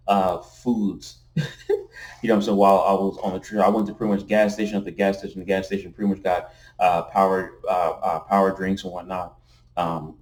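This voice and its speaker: A man with a somewhat low voice talks straight to his camera from a room at night. He rambles loosely, restarts his phrases and keeps checking in with "you know what I'm saying". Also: darkish tone. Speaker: vlogger. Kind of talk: casual rambling vlog talk. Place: indoors at night next to window blinds. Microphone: camera facing him.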